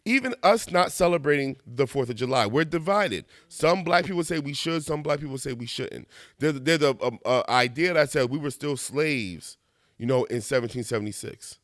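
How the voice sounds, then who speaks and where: A man from the United States giving a casual, animated monologue with slangy asides and laughs at himself. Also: medium pitch, normal speed, no echo, clean studio sound. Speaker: video essayist.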